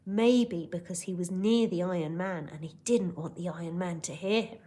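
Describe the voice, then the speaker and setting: A woman's voice: on the low side, moderate pace, hardly any pauses. A woman teaching a recorded lesson for young children, encouraging and patient, who acts out voices to show each word. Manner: expressive, acts out shouting, whispering and gasping to show words. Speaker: primary school teacher.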